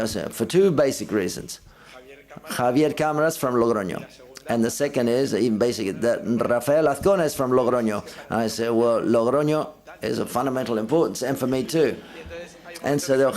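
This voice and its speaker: Working as a simultaneous interpreter at a film festival press conference, a man with a mid-range, darkish voice relays every speaker in the first person. He lifts his voice whenever he renders a quoted line.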